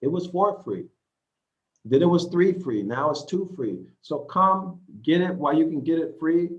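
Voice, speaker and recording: A man's voice: fairly high pitch, expressive, normal speed. A man teaching scripture who reads verses aloud, explains them, and keeps checking in with "okay?" and "right?". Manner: repeats points, asks "okay?" and "right?". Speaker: Bible teacher. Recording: slightly dull lo-fi audio.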